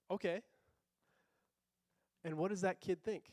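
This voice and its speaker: A man's voice: high-pitched, normal speed, no echo, studio quality. A young adult man preaching a sermon in a conversational way, asking rhetorical questions and acting out quotes. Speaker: pastor.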